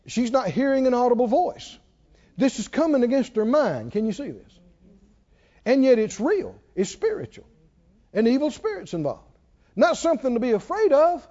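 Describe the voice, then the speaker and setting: Animated preacher hollering and hushing. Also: male voice, very high-pitched, dull audio. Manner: swings from hushed to hollering, acts out the devil's whisper. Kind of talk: sermon.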